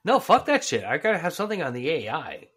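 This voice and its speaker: Male co-host, fairly high, sharp and animated, sardonic crude humor. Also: fast talker, breathy edge. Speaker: podcast co-host. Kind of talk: crude comedic podcast banter.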